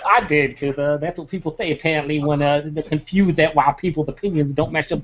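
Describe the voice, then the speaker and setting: A man's voice: fairly high pitch, fairly even intonation, fairly quick, few pauses. A man hosting a casual group video chat, joking around and adding "baby" to his sentences, heard through a webcam. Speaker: host. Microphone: webcam on a video call. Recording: muffled lo-fi video call audio.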